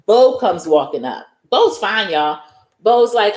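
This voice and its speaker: A woman's voice: mid-range voice, big pitch swings, slow pace, a little mellow. A woman with a New York accent retelling a movie scene by scene in casual chat, acting out the characters' lines as she goes. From United States. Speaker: host. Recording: echoey room.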